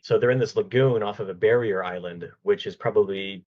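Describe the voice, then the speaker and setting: A man with a fairly low voice tells a long anecdote as a podcast guest, animated and chatty. He often stumbles and restarts mid-sentence. The recording sounds somewhat dull and lo-fi. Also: fairly quick. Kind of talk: casual storytelling in an interview.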